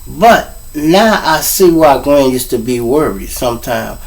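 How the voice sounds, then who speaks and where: A man's voice: medium pitch, lively intonation, measured pace, distant mic, poor audio. A man from Chicago with a Chicago accent, hosting a show and telling street stories in a rambling, profane way that keeps turning to the listeners. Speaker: host. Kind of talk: street storytelling monologue.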